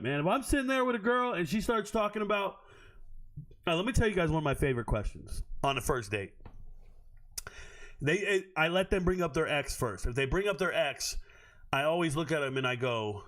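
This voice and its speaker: A man's voice: fairly high pitch, very animated, moderate pace, pauses often, a bit bright. A man hosting a live stream, ranting at his chat in a brash, profane, confrontational way.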